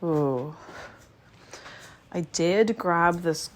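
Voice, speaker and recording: A woman's voice: lowish voice, slow, slightly rough. A woman chatting casually to the camera while she cooks in her small apartment kitchen, thinking aloud and wandering between thoughts. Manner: relaxed, rambling, thinks aloud. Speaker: vlogger cooking at home. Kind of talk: casual talking-to-camera chat while cooking.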